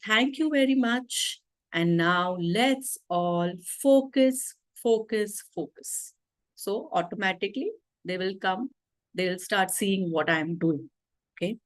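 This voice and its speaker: A woman leading an online teacher training over a video call, explaining calmly and checking in with "okay?". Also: mid-range voice, low-quality recording.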